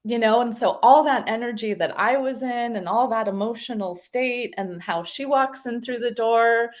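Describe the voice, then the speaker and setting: A woman talking as a guest, explaining ideas in a casual, animated way and acting out little voices as she goes. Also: a little high, normal speed. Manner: animated, acts out little voices in her stories. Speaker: guest speaker explaining identity.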